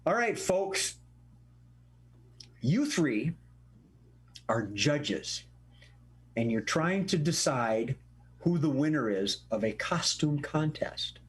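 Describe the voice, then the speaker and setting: A man's voice: on the high side, sing-song, slow, pauses often, husky. A man hosting a live improv comedy show, explaining the games with playful laughs.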